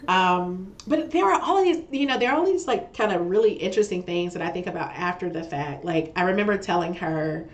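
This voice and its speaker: A woman's voice: on the low side, expressive, fairly quick, hardly any pauses. A woman speaking as a guest on a podcast, pouring out a heartfelt personal story. She laughs often between phrases and keeps restarting words as she reflects. Her talk is loose and conversational. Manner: frequent laughter while talking; repeats and restarts words, stumbling over phrases. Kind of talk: conversational interview.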